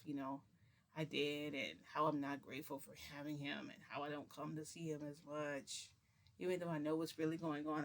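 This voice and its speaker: Gravelly-voiced woman rambling through a story. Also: sits low. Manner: rambling, chatty storytelling with many restarts. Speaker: vlogger. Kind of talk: casual story time.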